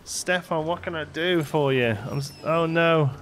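A man's voice: fairly high pitch, a little slow, a bit bright, a little hiss or hum. A man hosting a let's play, chatting casually as he plays and talking to his game characters. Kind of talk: casual gameplay commentary. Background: faint game music.

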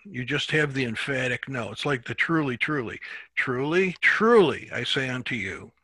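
A man teaching a Bible class in a relaxed, halting way, often repeating words as he thinks. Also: mid-range voice, husky, no echo.

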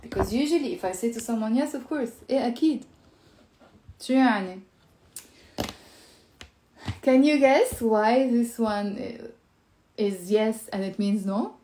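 A woman's voice: fairly high pitch, measured pace, pauses often, warm tone, echoey room, slight background noise. A woman with a Lebanese accent teaching a live Arabic lesson from home, mixing English and Arabic and acting out different tones of voice. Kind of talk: live-streamed language lesson. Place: home room.

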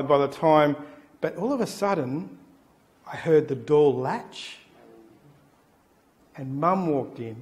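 Pastor telling a lively story. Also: male voice, fairly high pitch. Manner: animated storytelling, acting out the people in his anecdote. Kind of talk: sermon. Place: church.

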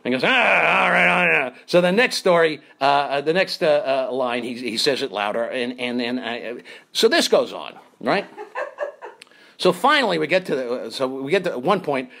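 A man's voice: medium pitch, normal speed. A man hosting a comedy show, telling a story and acting out the voices of the people in it. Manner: animated, acts out voices in his stories. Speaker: comedian host. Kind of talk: comic storytelling chat.

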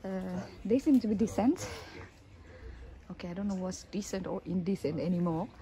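Expressive and mid-range, her voice moves at a moderate pace as she walks through an outdoor street market and shows shops on her handheld camera. She's chatty and leans on "like" a lot, and the phone vlog picks up loud street ambience and traffic.

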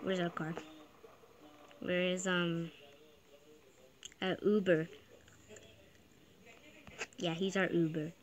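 A woman giving casual, chatty gameplay commentary, excitable at times and often quoting other players in exaggerated voices. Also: on the low side, very slow, long pauses, rough recording. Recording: steady background noise.

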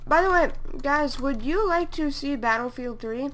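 A woman giving casual gameplay commentary, excitable, exclaiming and grumbling at opponents as she plays. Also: sits high, moderate pace, slight background noise.

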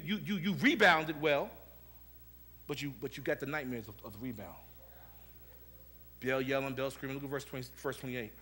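In a church sanctuary, a middle-aged senior pastor preaches a Sunday sermon, repeating words and shifting from quiet musing to shouted preaching.

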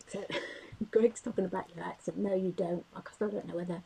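A woman's voice: fairly low pitch, steady tone, a little fast, vocal fry, dark tone, husky. A woman from England with an English accent, co-hosting a casual livestream with brief interjections beside the host. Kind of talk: casual live chat.

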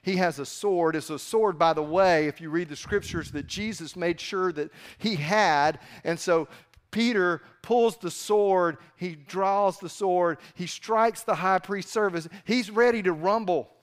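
A man preaching from the pulpit, retelling the story in a lively, conversational way. His voice sits somewhat high for a man, and he speaks with storytelling energy. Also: a little slow, smooth. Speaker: pastor. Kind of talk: sermon.

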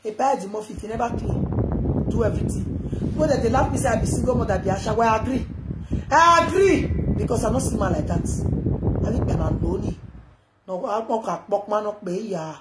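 Woman, Nigerian accent, live video rant, loud and rambling, Pidgin mixed with local languages, echoey room, noisy background. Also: medium pitch, brisk.

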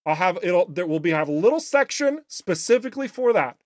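Slightly raspy streaming host, playful casual chat, mid-pitched voice, dry close mic. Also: sing-song, a little fast, dry recording. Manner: playful, chatty and upbeat, with jokey asides. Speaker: game studio livestream host.

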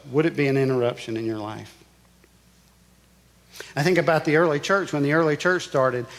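A male pastor preaching a sermon, telling a personal story with emphatic repetition. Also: mid-range voice. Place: church sanctuary. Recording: church sanctuary with long reverb.

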